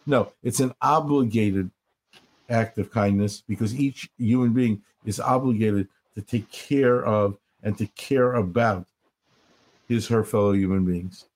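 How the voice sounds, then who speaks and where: An older man, a rabbi, talking earnestly in an interview and slowing down to stress his points as he tells stories. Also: fairly low pitch, a little mellow. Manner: earnest, storytelling, slows for emphasis. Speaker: rabbi, guest speaker. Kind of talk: reflective interview talk.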